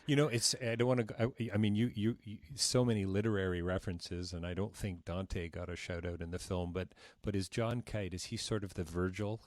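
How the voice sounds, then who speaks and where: A man's voice: deep voice, fairly even intonation, a little fast, hardly any pauses, no echo, studio quality. A man hosting an interview, effusive and rambling, with many restarts. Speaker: interview host. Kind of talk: interview conversation.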